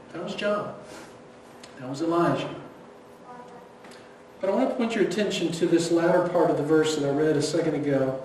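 A man, a pastor preaching a sermon in a church, swinging between loud emphasis and hushed near-whispers. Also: a little high. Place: church sanctuary. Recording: echoey hall, distant mic, faint noise.

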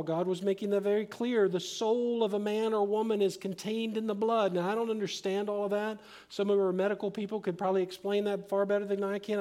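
A middle-aged man preaching a sermon as pastor, earnest and emphatic, often dropping to a hushed, slow delivery. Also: sits high.

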